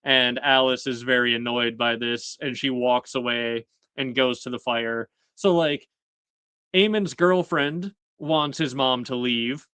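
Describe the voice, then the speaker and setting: A man's voice: mid-range voice, unhurried, bright, forceful tone, clean tone, no echo. A man hosting a casual recap chat, rambling with many fillers and acting out quoted lines in shifting voices. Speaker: host recapping a TV episode.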